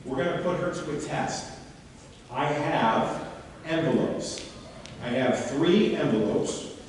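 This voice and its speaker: A man leads a live seminar, coaching a volunteer in front of the audience with quick, animated questions. His voice rings with long echo through a large hall and comes from some distance off the mic. A faint hum sits behind him. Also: medium pitch. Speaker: seminar speaker. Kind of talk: live workshop demonstration with a volunteer. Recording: echoey hall, mic far off.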